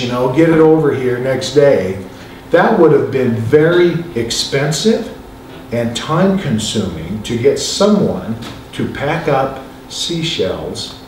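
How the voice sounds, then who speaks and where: A man's voice: medium pitch, darkish tone, a little hiss or hum. A man, a filmmaker, telling stories to an audience in a chatty, joking way with asides to the listeners. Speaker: filmmaker giving a talk. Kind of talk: storytelling talk to an audience. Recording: echoey hall, mic far off.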